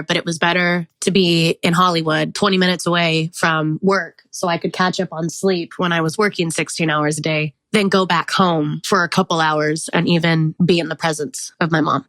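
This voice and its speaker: This podcast host is a woman in her thirties whose fairly low voice has a slightly bright edge, recorded with no echo. She wanders candidly through her life story, laughing often and leaning heavily on "like."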